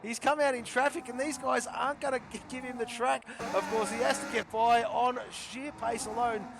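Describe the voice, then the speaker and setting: A man commentating a sim racing league, chatty and repeating himself, his voice hoarse and giving out. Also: extremely high pitch, fairly even intonation, normal speed, noisy background. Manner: chatty, repeats phrases, calls drivers by nicknames. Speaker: race commentator.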